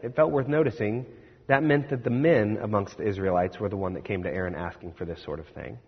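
Husky-voiced man preaching in an echoey hall. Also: lowish voice, fairly quick. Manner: conversational storytelling with rhetorical questions. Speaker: pastor. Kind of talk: sermon. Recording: echoey hall, slightly dull.

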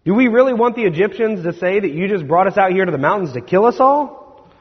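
A man's voice: sits high, lively intonation, fast talker, breathy edge, pitched above the performer's own voice. A man playing Moses, urgently pleading with God in a raised, strained voice, in an echoey hall. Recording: echoey hall, slightly dull.

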